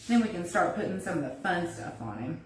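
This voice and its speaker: A woman's voice: fairly low pitch, very animated, a little fast. Chatty woman crafting in an echoey kitchen. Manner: chatty, thinks aloud, reads viewer comments. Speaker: crafter hosting a livestream. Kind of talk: casual live craft demo, talking while working. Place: home kitchen. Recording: echoey room, mic at a distance, faint noise.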